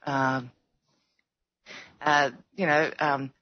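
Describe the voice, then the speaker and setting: A woman's voice: very deep voice, level tone, drawn-out words. A woman with an Australian accent, a guest on a radio talk show, chatting bluntly and giggling often. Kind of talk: casual chat. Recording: dull lo-fi radio audio.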